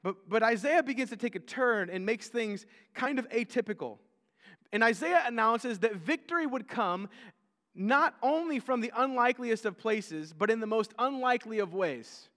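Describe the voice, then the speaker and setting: A man's voice: very high-pitched, animated, moderate pace, a bit bright. A male pastor preaching a sermon in a conversational way, often repeating words and acting out the figures he quotes. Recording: long hall reverb.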